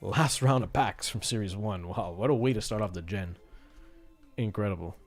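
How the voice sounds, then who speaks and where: A man's voice: lowish voice, normal speed, faint music behind. A man hosting a live sports card break, rattling off players and teams between upbeat asides. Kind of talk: live pack-opening commentary.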